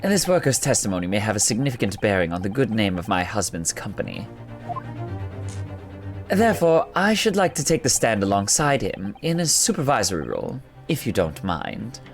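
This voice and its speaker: A man's voice: lowish voice, sing-song, normal speed, soft background music. A man voicing a prim, condescending upper-class lady for a game. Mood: haughty. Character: haughty upper-class lady, company owner's wife.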